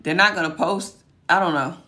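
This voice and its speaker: A woman hosting a casual livestream Q&A. Her voice is hoarse and cracking, and she talks in a folksy, chatty way, muttering to herself as she looks for things. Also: fairly low pitch, normal speed, bright, forceful tone. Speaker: host answering viewer questions.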